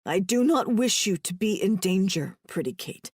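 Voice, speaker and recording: A woman's voice: mid-range voice, lively intonation, moderate pace, darkish tone, breathy edge, no echo, studio quality. A woman voicing an injured horned male alien who speaks in clipped, formal sentences between gasps. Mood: pained.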